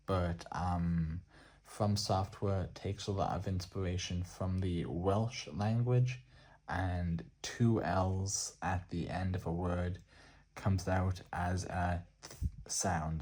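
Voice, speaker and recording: An Irish man hosting a soft-spoken art book showcase, relaxed and hesitant, pausing often with fillers. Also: sits low. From Ireland. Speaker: art book channel host.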